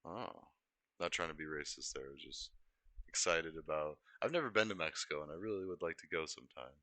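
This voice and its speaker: A man's voice: very deep voice, a little fast, sharp tone, no echo. A young man from Colorado chatting casually on a live stream, rambling and easily sidetracked as he corrects himself. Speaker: livestreamer.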